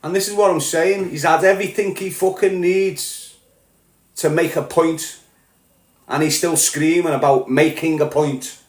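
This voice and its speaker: A man with a Liverpool accent delivering a heated, profane solo rant as a podcast host, growing louder as he goes. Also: a little high, steady tone, unhurried, roomy sound. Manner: heated, sweary, rising to shouting. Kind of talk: angry monologue rant.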